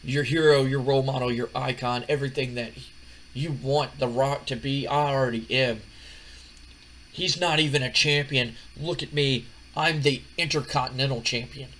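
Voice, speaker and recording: A man's voice: lowish voice, a little hiss or hum, natural voice, low-quality recording. A man voicing a boastful, smarmy wrestling champion who is full of himself.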